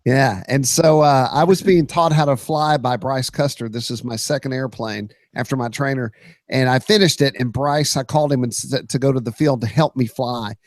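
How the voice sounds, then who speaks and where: A man, hosting a podcast and telling a story with lots of energy, shouting out sound effects and quoted lines. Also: medium pitch, normal speed, no room sound. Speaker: podcast host.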